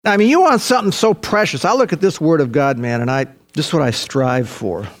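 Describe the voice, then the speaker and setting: An older male pastor delivers a sermon with a slightly high voice. He talks in a folksy way, dropping "see" and "man" into his lines. He swings between quiet asides and emphatic, fervent climbs. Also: animated, fairly quick.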